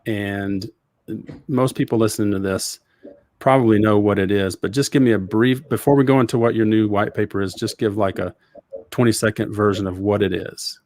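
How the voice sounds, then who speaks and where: Southern host, middle-aged man, low-ish voice, dry close sound, folksy and rambling. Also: steady tone, normal speed, a little mellow, no echo. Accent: Southern US, Georgia. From Georgia, US. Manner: folksy, rambling, lots of fillers. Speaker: podcast host. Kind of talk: casual interview chat.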